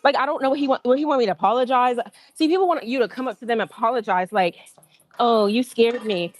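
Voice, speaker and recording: A woman's voice: fairly high pitch, rapid-fire. Indignant woman ranting on a livestream. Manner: indignant, animated, acts out quotes. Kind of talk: casual storytelling rant.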